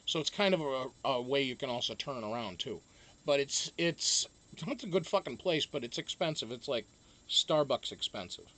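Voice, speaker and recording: A man's voice: medium pitch, lively intonation, normal speed, sharp tone. A man hosting a casual live stream, chatting loosely, greeting viewers one by one and swearing freely.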